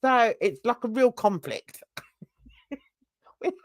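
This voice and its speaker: A woman's voice: on the high side, sing-song, takes it slowly. An older woman from London, hosting a casual, opinionated and rambling chat. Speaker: host.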